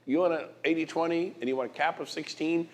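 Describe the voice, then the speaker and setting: A fast-talking middle-aged man with a slightly high, steady-toned voice gives a motivational speech as a guest speaker. Emphatic rhetorical questions are aimed at the crowd, and he often repeats himself or starts words over.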